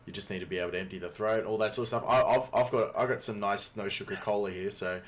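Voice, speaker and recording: An Australian man chats in an easygoing way as a podcast co-host. His voice sits a little low, relaxed and friendly in tone. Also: fast. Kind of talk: casual podcast chat.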